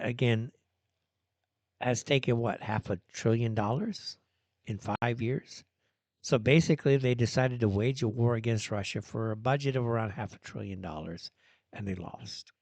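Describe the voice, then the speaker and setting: A man's voice: on the low side, a little mellow, dry recording. A man hosting a solo live-stream commentary show, ranting and sarcastic, with many fillers and restarts. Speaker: host.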